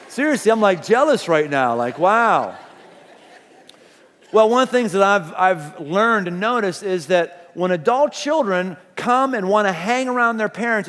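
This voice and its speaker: A man's voice: high-pitched, fairly bright tone, slight background noise. A middle-aged male pastor preaching a sermon in a chatty, storytelling way. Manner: conversational storytelling, acts out quoted voices. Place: large church auditorium. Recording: long reverb of a large hall.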